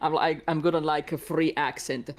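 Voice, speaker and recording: Woman guest, low register, laughs a lot, casual self-deprecating chat. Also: steady tone, moderate pace. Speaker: guest voice actor.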